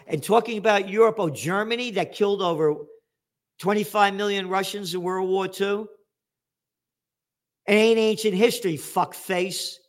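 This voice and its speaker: Older guy ranting and cursing on his show, sarcastic, slightly high voice. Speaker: show host. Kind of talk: angry political commentary.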